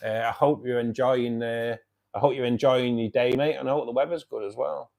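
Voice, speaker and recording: A chatty man from the Manchester area, speaking with a broad Mancunian accent at a mid-range pitch. He hosts a relaxed live stream from home, reading out viewers' comments and answering them by name in an easy, familiar way. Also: a little fast, vocal fry. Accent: Mancunian English. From Manchester area, England. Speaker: live stream host of a fish club. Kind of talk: casual live stream chat. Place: home by his fish tank.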